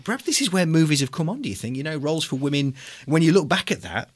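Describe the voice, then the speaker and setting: A man's voice: fairly high pitch, big pitch swings, quick pace, no room sound. A man hosting a casual film podcast, rambling and hesitant, with many restarts. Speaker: podcast host.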